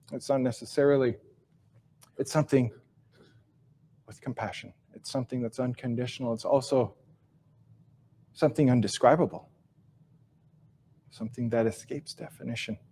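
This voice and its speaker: A man giving a live teaching talk and telling a story, speaking slowly and reflectively, repeating and restarting phrases, his sentences fading softly at the ends. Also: mid-range voice. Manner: slow, reflective delivery with soft, trailing phrase endings; repeats and restarts phrases while searching for words. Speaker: Ojibwe language teacher and speaker.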